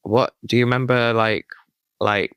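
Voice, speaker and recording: A man's voice: medium pitch, steady tone, a little slow, a bit bright, smooth, dry recording. A British man hosting an interview, encouraging his guest with short replies and follow-up questions. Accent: British English. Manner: encouraging, brief backchannels. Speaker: podcast host.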